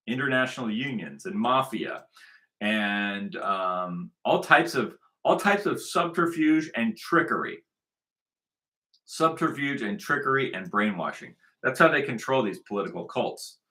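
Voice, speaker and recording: Guy ranting angry n swearing a lot, bright tense voice, keeps repeating himself. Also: on the low side. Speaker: commentary host. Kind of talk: ranting commentary over played clips.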